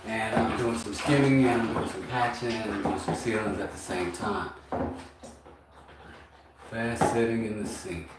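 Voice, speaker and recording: A man's voice: on the low side, steady tone, unhurried. Sarcastic man in an echoey bathroom. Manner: sarcastic, teasing a commenter. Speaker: drywall remodeler. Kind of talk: casual work vlog chat. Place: bathroom under remodel at home. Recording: very echoey, distant mic with loud noise.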